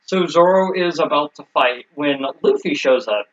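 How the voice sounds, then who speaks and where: A man with a somewhat high voice recaps an anime episode in casual chat. He rambles and restarts often, filling gaps with ums. The audio is muffled and lo-fi. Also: lively intonation, normal speed. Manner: rambling, many fillers and restarts. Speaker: podcast co-host. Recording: dull lo-fi audio.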